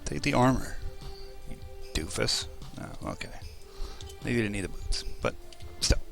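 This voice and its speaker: A man's voice: mid-range voice, animated, unhurried, gravelly, music in the background. A young man casually commenting on his role-playing video game session, rambling and joking at his own expense, recorded on a desk mic at home. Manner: joking, rambling, laughs at himself. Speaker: let's play host.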